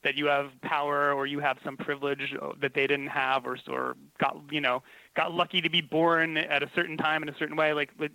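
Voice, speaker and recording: A man's voice: on the high side, flat delivery, brisk, creaky, bright, forceful tone, no room sound, rough recording. A man telling self-deprecating stories in a casual comedic conversation, often laughing. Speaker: podcast guest, TV writer.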